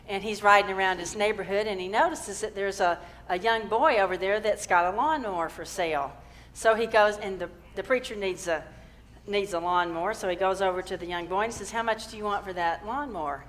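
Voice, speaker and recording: A woman's voice: medium pitch, in a large hall, a little hiss or hum. A woman minister giving a sermon in a church, storytelling with easy humor and encouragement. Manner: encouraging, uplifting. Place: church sanctuary.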